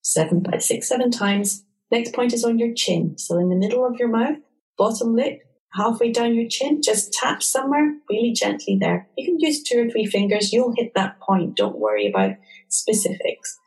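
A woman calmly and gently explaining a tapping technique step by step in an interview. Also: a little high, normal speed, poor audio. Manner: calm, gentle instructional talk. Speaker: tapping therapy practitioner.

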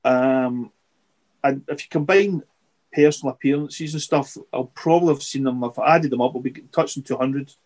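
A middle-aged man, a podcast guest, chatting casually and rambling with halting restarts and repeated words. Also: medium pitch, darkish tone. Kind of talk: casual interview chat.

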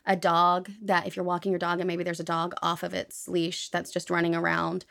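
A woman's voice: on the low side, completely flat delivery, brisk, gravelly, fairly bright tone. A woman in her thirties co-hosting a podcast, chatty and reflective in casual conversation. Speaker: podcast co-host. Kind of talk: casual chat.

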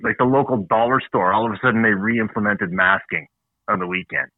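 He's a Canadian co-host on a casual talk show, speaking a little fast in a lowish voice as he rants bluntly and swears without holding back. There's no room sound, though the line has a tinny, phone-like quality.

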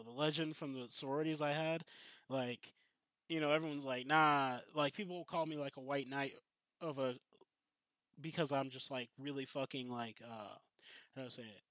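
In a mid-range voice recorded with no room sound, a man casually tells a story full of swearing. He animatedly acts out the lines of the people involved.

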